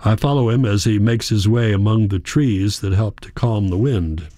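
A man narrates a literary story in the first person, his delivery quiet and measured. His voice sits low and has a warm, mellow tone. The recording is close and dry, with no room sound. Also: no echo. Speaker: audiobook narrator.

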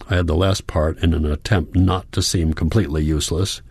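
A man narrating a first-person novel as an audiobook, calm, measured and reflective. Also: deep voice, dry recording, studio quality.

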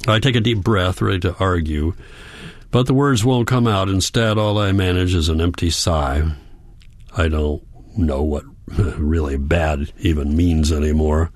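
Deep-voiced man reading an audiobook. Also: unhurried, no echo. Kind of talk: audiobook narration, first person.

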